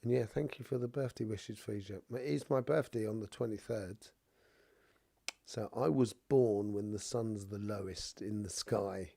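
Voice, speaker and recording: A man's voice: fairly low pitch, measured pace, creaky, dark tone, dry recording. A middle-aged man with a cough and a stuffy nose, rambling casually through a live stream as he reads viewer comments. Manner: rambling, full of "you know" asides. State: has a cough and blocked nose. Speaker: spiritual reader hosting a live stream.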